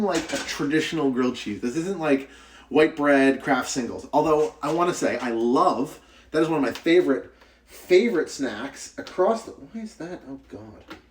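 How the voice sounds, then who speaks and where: A man's voice: a little high, a little hiss or hum. A young man streaming live from his home kitchen, cooking, chatting and joking as he greets viewers by name. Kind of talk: casual live-stream chat.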